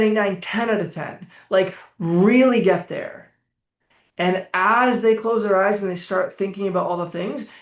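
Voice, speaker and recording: A man speaking as a coach in a casual, energetic way, swearing freely as he leads listeners through guided exercises. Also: high voice, roomy sound. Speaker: trauma coach.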